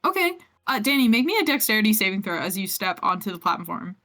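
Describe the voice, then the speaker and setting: A woman's voice: medium pitch, very animated, fast, bright, forceful tone, soft background music. A woman narrating a tabletop game as game master, playful and teasing the players.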